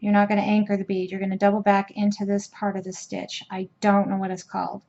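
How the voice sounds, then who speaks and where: A woman's voice: mid-range voice, monotone, quick pace, vocal fry, a little mellow. Woman explaining crochet stitches, dull recording. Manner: chatty, hesitant with fillers and restarts. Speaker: crochet instructor. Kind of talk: casual crochet tutorial.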